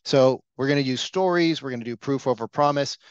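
A man's voice: mid-range voice, brisk, clear, resonant tone, dry recording, muffled recording. A man leading a sales training session, talking casually and coaching the room with frequent questions. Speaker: real estate sales trainer. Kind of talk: live training session talk.

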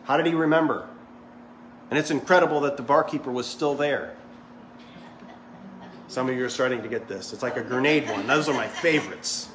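A man's voice: medium pitch, fairly quick, pauses often, a crowd in the background. A male pastor preaching a sermon in a church, conversational and full of jokes. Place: church sanctuary. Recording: echoey church hall.

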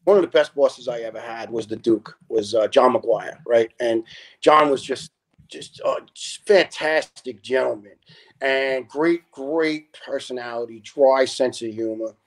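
A man in his fifties, a retired fire lieutenant and podcast guest, telling animated, profane stories in casual chat, laughing often and restarting his sentences. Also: medium pitch, a little slow. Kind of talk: casual storytelling.

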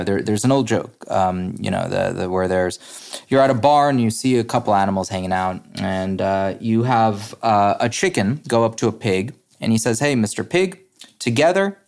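A man as a podcast guest, talking in an analytical, brisk way with frequent fillers and restarts. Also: fairly low pitch, gravelly, a little mellow. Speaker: guest, head of a democracy advocacy group. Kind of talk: podcast interview.

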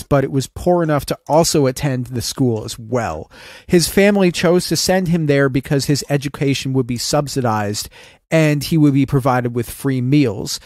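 A man's voice: a little high, darkish tone, dry recording, clean studio sound. A young adult man co-hosting a podcast, telling a history story from his notes with casual asides. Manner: reads researched notes, conversational asides. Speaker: podcast co-host.

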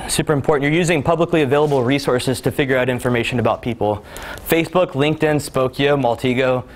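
A young man giving a casual conference talk, full of fillers and acting out both sides of phone calls. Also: medium pitch. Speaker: conference speaker. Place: conference hall.

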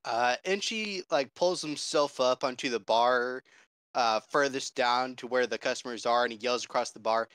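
A man's voice: mid-range voice, normal speed, a bit bright, clean tone, no echo. A man playing a tabletop game, describing his character's actions with a brash, curt edge. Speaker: player.

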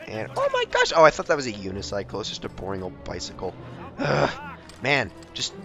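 Excitable young man commenting on gameplay. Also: on the low side, fairly quick, creaky, faint music behind. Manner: excitable, jokey, talks to game characters. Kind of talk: let's play commentary.

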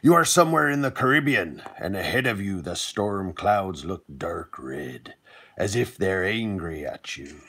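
A man doing a pirate voice to read a story aloud, slow, low and dramatic. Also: expressive, fairly bright tone, slightly rough, full character voice. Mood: brooding. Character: gruff male pirate storyteller.

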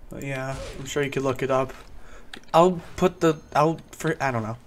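A man's voice: medium pitch, normal speed, a little hiss or hum. A man giving casual gameplay commentary as a gaming YouTuber, joking and mock-serious while he chats at other players.

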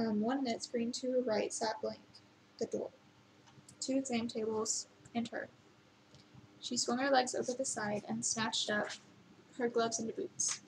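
A woman reading a novel aloud at an unhurried pace, with occasional slips and restarts. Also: a little high, steady tone, creaky, slight background noise, low-quality recording. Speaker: reader.

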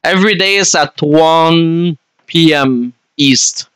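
A man's voice: fairly high pitch, slow pace, a bit bright, clear, resonant tone, no room sound, low-quality recording. A young man from Canada, chatting casually and swearing freely as he streams a game and answers his chat.

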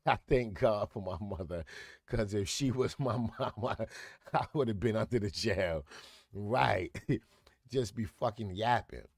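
Gravelly, swearing male reaction commentator. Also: fairly low pitch, dry recording, clean studio sound. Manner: loud swearing rants with frequent laughing. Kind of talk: profane comedic reaction commentary.

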